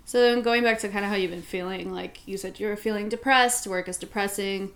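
A woman hosting a casual chat, speaking in an earnest, reflective way and thinking out loud. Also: mid-range voice, fairly even intonation, brisk. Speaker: host.

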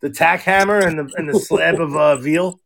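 A man's voice: on the high side, moderate pace, creaky, fairly bright tone. A man co-hosting a podcast in casual chat, a rambling, profane storyteller. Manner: profane, rambling storyteller, acts out quoted voices. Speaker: podcast co-host.

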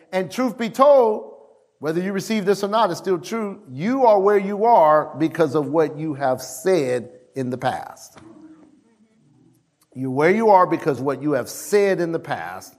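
A male pastor preaching a sermon in an emphatic way. He repeats key lines and calls out to the congregation for responses. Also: measured pace. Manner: animated, swings between loud calls and low asides.

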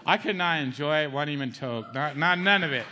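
High-voiced middle-aged man giving testimony. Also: expressive, brisk, pushed and bright, long reverb tail, a little hiss or hum. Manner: conversational, keeps asking the crowd "okay?" and saying "man". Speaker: testimony speaker. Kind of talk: spoken church testimony.

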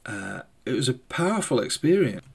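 A man hosting a podcast, speaking a slow, thoughtful spoken meditation with hesitant phrasing. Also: medium pitch, big pitch swings, creaky, husky. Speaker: podcast host. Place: indoors by a window in the rain.

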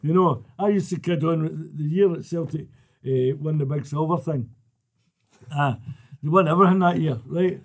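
Gravelly older Scottish man telling stories. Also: a little high, moderate pace. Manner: lively storyteller who laughs through his tales. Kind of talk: casual chat, anecdote telling.

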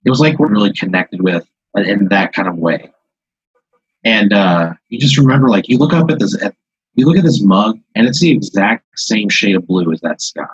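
Man, deep voice, breathy, halting storyteller, many fillers, dry close sound. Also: animated, dry recording, lo-fi sound. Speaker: improv storyteller. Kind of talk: improvised second-person storytelling.

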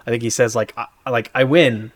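A man co-hosting a podcast, retelling a game moment in a rambling, animated way with many fillers. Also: mid-range voice, a little fast. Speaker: podcast co-host. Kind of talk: casual chat.

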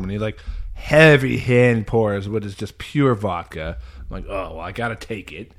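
A man in casual chat, telling a story with lots of laughter and quick shifts. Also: lowish voice.

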